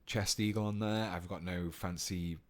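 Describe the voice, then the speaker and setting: Speaking in a low voice at a moderate pace, a British man paints live on stream in a casual tutorial. He stays relaxed and chatty, talking with viewers and reading out their comments as he goes.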